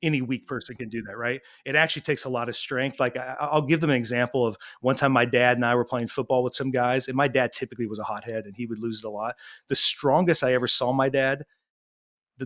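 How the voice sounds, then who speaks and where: A man's voice: mid-range voice, a bit bright. A man in his thirties, a parenting coach telling stories in a casual interview and acting out the dialogue as he goes. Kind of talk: conversational storytelling.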